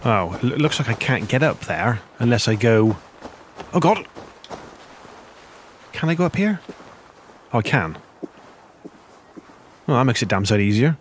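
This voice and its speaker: A gameplay commentator gives a casual let's play, chatty and animated at normal speed with frequent pauses. He mutters to himself and lets out sudden high-pitched yelps of surprise, over a faint hiss or hum.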